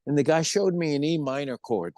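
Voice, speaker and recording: Animated older man telling stories. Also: fairly high pitch, fairly quick, dry recording, studio quality. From United States. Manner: animated, acts out quoted voices. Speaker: interview guest, musician. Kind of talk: casual storytelling.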